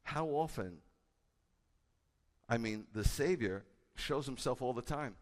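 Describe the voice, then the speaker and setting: Animated man preaching in a reverberant hall. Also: mid-range voice, slow. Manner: animated, rising to loud emphatic peaks. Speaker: rabbi. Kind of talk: sermon.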